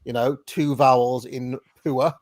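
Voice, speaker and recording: A man's voice: medium pitch, flat delivery, unhurried, darkish tone, no echo. Welsh man, podcast host, chatty and giggly, dry close sound. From Wales. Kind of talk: casual chat. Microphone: remote video call.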